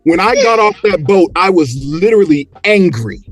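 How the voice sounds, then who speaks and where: A man tells a story on a podcast in a casual, animated way, acting out what people said. His voice sits high and swings widely in pitch. Faint music plays under him. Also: normal speed, slightly rough. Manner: animated, acts out quotes and motions. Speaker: podcast guest.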